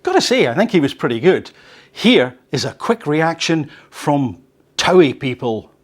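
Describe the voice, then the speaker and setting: A man hosting an English-learning show, reading an article aloud and adding conversational, animated asides. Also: on the high side, unhurried. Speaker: podcast host teaching English.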